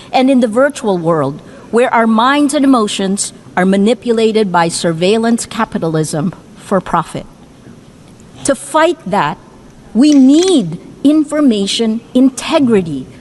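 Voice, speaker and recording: Filipino woman, formal assembly speech, measured and emphatic, mid-range voice, faint background hiss. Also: mid-range voice. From Philippines. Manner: measured, emphatic delivery with deliberate pauses. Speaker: speaker addressing the UN assembly. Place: large assembly hall.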